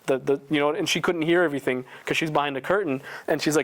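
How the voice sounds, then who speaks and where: Fast-talking man teaching a casual lesson. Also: fairly high pitch, fairly even intonation. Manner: conversational, asks the audience rhetorical questions. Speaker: religious teacher. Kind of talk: casual religious lesson to a youth group. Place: indoor community prayer center.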